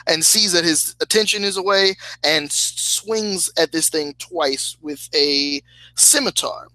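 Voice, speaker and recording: Slow, bright-voiced game master. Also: male voice, a little high, no room sound, low-quality recording. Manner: slow, hesitant, laughs at himself. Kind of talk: narrating a tabletop game.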